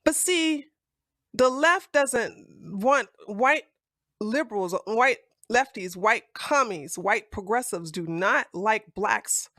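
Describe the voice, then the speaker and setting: A woman streams her commentary in a high, bright voice, blunt and sassy, with plenty of swearing. The sound is dry and close, with almost no room around it. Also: lively intonation, slow pace, no echo. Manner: blunt, heavy cursing, rising to loud outbursts; sassy, calls listeners baby and honey.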